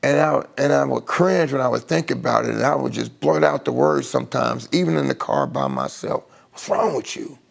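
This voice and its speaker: Gravelly middle-aged man, halting and heartfelt. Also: medium pitch, animated. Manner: halting, with many restarts and fillers. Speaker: speaker sharing his recovery story. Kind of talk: emotional personal testimony on a live stream.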